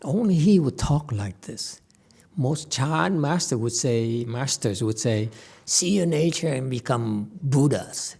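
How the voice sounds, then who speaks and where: Slow, lively-voiced man teaching in a temple. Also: mid-range voice, gravelly, husky. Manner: checks in with listeners with "okay?" and "hmm?"; halting restarts, playful asides. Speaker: Buddhist master giving a sutra lecture. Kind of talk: conversational Dharma lecture. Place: temple lecture hall.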